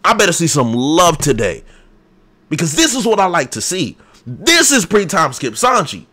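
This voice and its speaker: A young man hosting a live comic reaction, excitable and hype with loud outbursts. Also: on the high side, moderate pace. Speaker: channel host.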